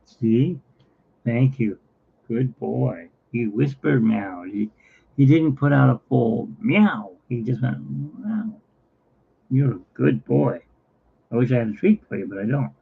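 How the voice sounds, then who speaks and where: Guy with a gravelly husky voice rambling to the camera at home, dull lo-fi sound. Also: measured pace. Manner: rambling, talks to his cat, often drops to a low, quiet voice. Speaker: vlogger. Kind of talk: casual chat to camera. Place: home, indoors.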